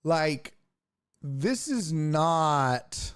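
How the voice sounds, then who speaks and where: A man's voice: a little high, expressive, extremely slow, clean tone. A man hosting a casual livestream sports talk show who rants, swears and restarts sentences often. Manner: profane, ranting, restarts often.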